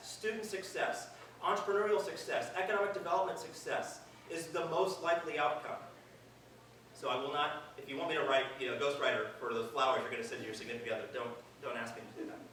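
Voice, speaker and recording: A man's voice: on the high side, a bit bright. A middle-aged man with a slightly raised voice gives a speech in a large hall, conversational and earnest with flashes of dry, self-mocking humor. The mic sits well away from him, so the room's heavy echo rings around every phrase. Faint noise runs underneath. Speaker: event speaker. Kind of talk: public speech to an audience. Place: large hall at a live event. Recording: very echoey hall, distant mic.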